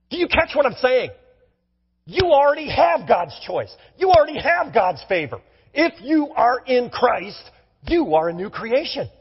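A middle-aged man, a pastor, preaching a sermon in an animated, emphatic way in a church. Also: extremely high pitch, breathy edge, in a large hall, lo-fi sound. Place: church sanctuary.

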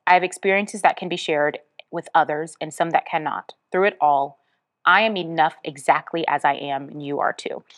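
A woman's voice: low-pitched, normal speed. Earnest encouraging woman podcast host. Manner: earnest and encouraging, bursts into bubbly excitement. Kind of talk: motivational podcast monologue. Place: Smyrna, Georgia area.

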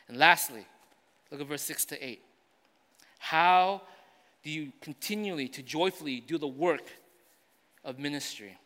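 A pastor preaching in a church sanctuary, his fairly high, bright voice carrying through the long reverb of a large hall. He swings from loud, urgent declarations down to quiet, chatty asides, all delivered in sermon style. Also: measured pace, pauses often.

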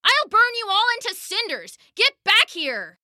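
A woman's voice: extremely high pitch, huge pitch swings, measured pace, no echo, studio quality, pitched above the performer's own voice, full character voice. A woman voicing a hot-tempered young female fire mage who screams in rage in a storybook. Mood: furious. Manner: shouting, enraged.

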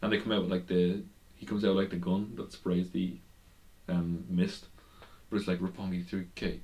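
A young man co-hosting a casual wrestling podcast rambles through match results, often restarting and laughing. His low, mellow voice has a flat delivery at normal speed.

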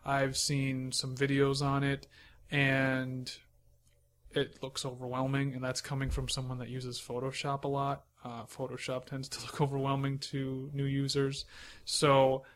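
A man hosting a podcast, giving relaxed, conversational advice drawn from his own experience as an author. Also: mid-range voice, a little slow. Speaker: podcast host and self-published author. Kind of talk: casual advice talk.

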